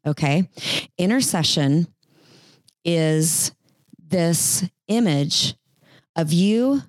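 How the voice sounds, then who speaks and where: Animated woman preaching a sermon. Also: sits low, no echo. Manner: animated, acts out quoted voices.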